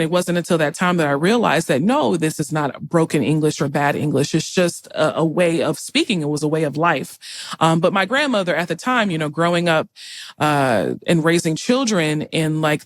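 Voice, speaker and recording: A woman from Charleston, South Carolina, with a light Gullah Geechee Lowcountry accent, telling family stories as a guest chef in a podcast interview in an earnest, rambling way with many restarts. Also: normal speed.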